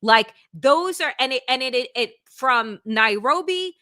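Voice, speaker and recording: A blunt, emphatic woman hosts a political talk show, talking in a casual way. Her voice is bright and somewhat high, and the recording is dry and close. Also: animated, unhurried, no room sound. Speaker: host. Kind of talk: political commentary chat.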